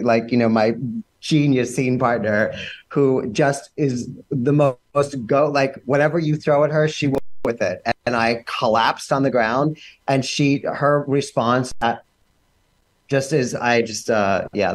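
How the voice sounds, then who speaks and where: A man talking as an actor guest in a casual interview, telling rambling, animated anecdotes. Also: medium pitch.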